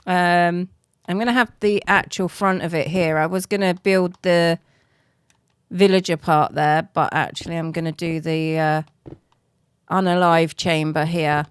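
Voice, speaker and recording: British mum streaming, talks slow, laughs a lot, dry close sound. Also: female voice, lowish voice, steady tone, smooth, dry recording. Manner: chatty and self-mocking, laughs often, counts under her breath. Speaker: game streamer. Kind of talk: casual live-stream chat while playing.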